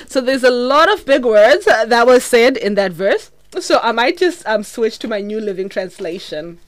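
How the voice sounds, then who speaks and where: Casual bible study chat, thinks out loud, trips over big words, bursts of excitement, dry close sound. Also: medium pitch, moderate pace, no room sound. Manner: chatty, thinks aloud, often stumbles over words.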